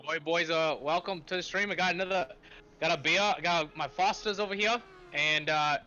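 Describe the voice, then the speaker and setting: A man's voice: a little high, moderate pace, pushed and bright. A tipsy man joking around as a guest on a racing stream. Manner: joking, rowdy. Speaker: co-commentator guest. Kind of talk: casual stream banter. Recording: lo-fi mic with faint noise.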